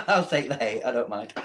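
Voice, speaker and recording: Mancunian guy on a podcast, giggly, laughs a lot, bit of faint noise behind. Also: mid-range voice. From Manchester, England. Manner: giggly, self-deprecating, laughs often. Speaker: podcast guest. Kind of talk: casual chat.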